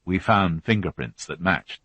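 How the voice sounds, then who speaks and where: Low, measured police inspector read by a man. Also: animated, bright, forceful tone, slightly rough, no room sound, lo-fi sound, exaggerated voice. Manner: measured, slow, tactful questioning. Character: middle-aged male police inspector, reserved and careful.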